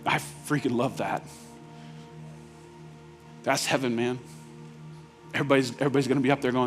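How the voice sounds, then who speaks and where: A man's voice: medium pitch, flat delivery, fairly quick, pauses often, faint music behind. A male pastor preaching in a church, talking plainly to the room and building to urgent, emphatic points. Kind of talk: sermon. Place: church sanctuary.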